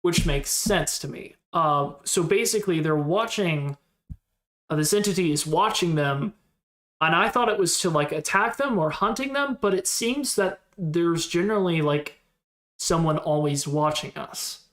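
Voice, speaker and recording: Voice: mid-range voice, animated, measured pace, a bit bright. A streamer in casual live-stream commentary, thinking aloud in a rambling, unsure way and replying to chat in passing.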